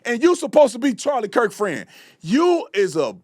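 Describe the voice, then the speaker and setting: Male commentary host, very high, animated voice; fiery, slangy ranter. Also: normal speed, no echo, clean studio sound. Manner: fiery, ranting, repeats himself, slangy. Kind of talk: heated reaction commentary.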